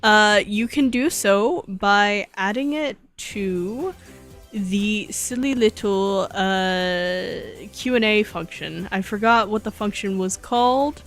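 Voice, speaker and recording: A sleepy woman streamer rambling through a casual live session, joking at her own expense as she works. She talks at an unhurried, drawn-out pace in a mid-range voice, with soft music playing faintly behind her. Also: mid-range voice. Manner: playful, rambling, self-joking. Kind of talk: casual live-stream chat while 3D modeling.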